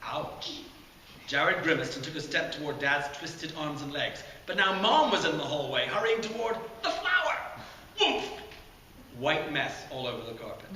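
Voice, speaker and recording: A man reading from his own novel at a launch party, expressive and chuckling at his own jokes. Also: on the high side, normal speed, a little hiss or hum. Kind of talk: animated reading aloud of a novel. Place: community center room at a launch party. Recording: echoey community center room.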